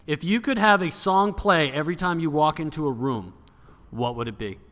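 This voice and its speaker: A man's voice: on the high side, normal speed, fairly bright tone, big-room sound. A man co-hosting a podcast in casual chat over beers, teasing dryly and swearing freely. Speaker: podcast co-host. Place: home room rigged with studio lights.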